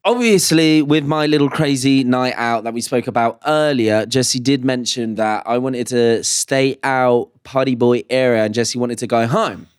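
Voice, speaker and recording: A man co-hosting a podcast, telling stories in casual chat with animated swearing. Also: mid-range voice, normal speed, hardly any pauses, clean tone, no echo, clean studio sound. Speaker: podcast co-host.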